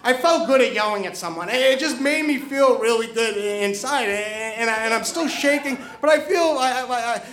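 A man's voice: very high-pitched, moderate pace, few pauses, fairly bright tone. A man telling a comic personal story, stammering and repeating words as he goes.

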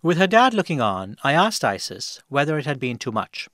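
A man hosting a radio program, narrating in a measured storytelling manner and asking gentle, probing questions. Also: medium pitch, sing-song. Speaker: host and interviewer. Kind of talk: scripted radio narration and interviewing.

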